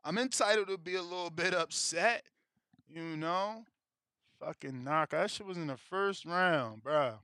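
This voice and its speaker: A man rants about boxing in loose, slang-heavy talk full of swearing. His voice sits high and comes across bright and forceful. The sound is dry and close, with no room around it. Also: unhurried, clean tone, no echo. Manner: profane, emotional slangy ranting. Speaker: boxing show host. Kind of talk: casual chat about betting and fights.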